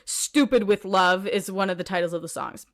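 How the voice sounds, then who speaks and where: A woman co-hosting a podcast in casual chat, animated and ranty, swearing and laughing often. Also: medium pitch, moderate pace. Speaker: podcast co-host.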